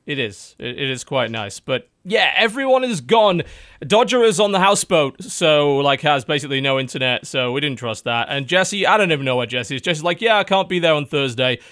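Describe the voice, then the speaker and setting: A man's voice: on the high side, lively intonation, a little fast, fairly bright tone. A British man hosting a casual podcast chat, talking in a chatty, sardonic way and swearing freely. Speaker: podcast host.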